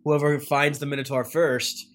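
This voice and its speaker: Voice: medium pitch, flat delivery, moderate pace. A tabletop game player who talks eagerly and jokes, often starting over mid-sentence. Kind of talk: casual tabletop play.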